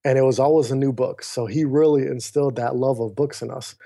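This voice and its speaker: A man with a mellow, middle-pitched voice tells a personal story as a podcast guest. He acts out the other voices in his dialogue and keeps turning to the host by name. He sounds like he is on a remote call. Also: a little fast, creaky. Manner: animated storyteller who acts out quoted dialogue; often addresses the host by name mid-sentence.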